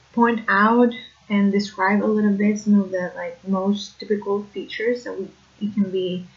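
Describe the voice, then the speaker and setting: A woman's voice: mid-range voice, muffled recording. A woman explaining accent features in a video lesson, hesitant and careful, with many fillers. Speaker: accent coach.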